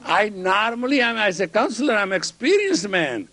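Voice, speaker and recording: A man's voice: sits high, sing-song, moderate pace, bright, forceful tone. A man giving a spiritual lecture as a teacher and counselor. He tells humorous anecdotes and leads a guided meditation. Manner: storytelling, joking, acts out both sides of dialogues.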